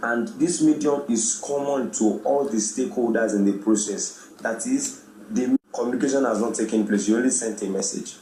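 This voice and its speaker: A man gives a radio talk, explaining ideas and acting out little greetings to make his point. His voice is mellow and rounded. The room echoes, with a faint hum of noise behind him. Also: normal speed. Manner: animated, acts out quoted greetings with rising pitch. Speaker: radio presenter. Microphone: studio microphone.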